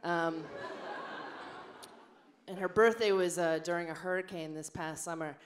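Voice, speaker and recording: A woman's voice: fairly low pitch, fairly even intonation, unhurried. A young woman doing a brash, bawdy stand-up comedy set on a club stage, acting out quotes in her stories. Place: large comedy club stage with a live audience. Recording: live club recording with audience noise.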